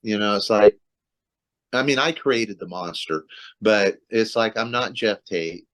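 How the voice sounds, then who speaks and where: A man's voice: lowish voice, unhurried, a bit bright. Guy on a video call rambling about his singing, lots of ums and restarts. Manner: rambling, many restarts and fillers. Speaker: metal vocalist, interview guest. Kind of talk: casual video-call interview.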